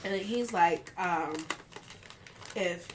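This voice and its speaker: Her voice is fairly low, with a little hiss or hum in the background. In an unhurried way she tells a work story, performing other people's lines with raised voices.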